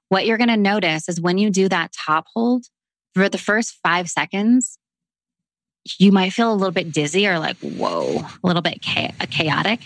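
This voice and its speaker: A woman in her thirties with a Canadian accent, chatting casually and then slowly guiding a breathing exercise in a soothing voice. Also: fairly low pitch, a bit bright, no room sound. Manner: slow, soothing guidance with long pauses. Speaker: breathwork guest. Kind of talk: casual chat and guided breathwork.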